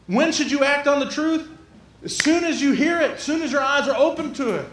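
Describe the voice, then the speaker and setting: A man's voice: extremely high pitch, fairly quick, a bit bright, a little hiss or hum. A man preaching a sermon, folksy and conversational, with a church's roomy echo. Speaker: pastor. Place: church sanctuary.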